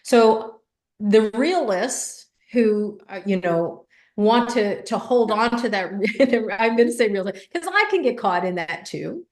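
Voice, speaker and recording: A woman speaking as an interview guest, a coach with a lively storytelling manner who slips into voices when she quotes people. Her voice sits at a middle pitch and carries a noticeable echo from the room around her. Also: slow pace. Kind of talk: conversational interview. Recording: echoey room.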